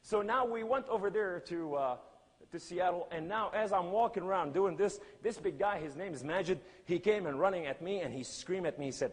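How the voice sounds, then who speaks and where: A man preaching a sermon and telling a story in emphatic, non-native English, swinging between loud cries and hushed lines. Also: high-pitched, fairly quick, slightly rough, long reverb tail.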